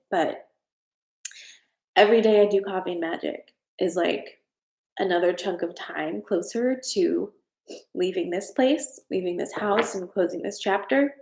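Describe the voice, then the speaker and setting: A woman's voice: on the low side, measured pace, a little mellow. Woman host, casual heartfelt live-stream chat from home, roomy sound. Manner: casual, chatty, reads viewer comments, gets emotional. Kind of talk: live-stream spiritual card reading chat. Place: at home, in a room of her house.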